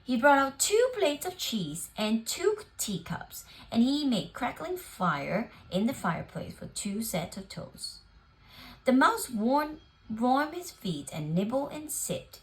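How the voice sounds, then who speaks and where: A woman reading a children's picture book aloud, very expressive and lingering on phrases. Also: on the high side, slow pace. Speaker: storyteller.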